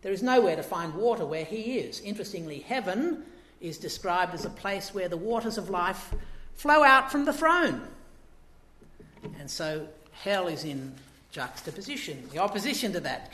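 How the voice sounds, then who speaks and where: Animated preacher man in an echoey church. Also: sits high. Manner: animated, rising to emphatic peaks. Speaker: pastor. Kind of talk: sermon.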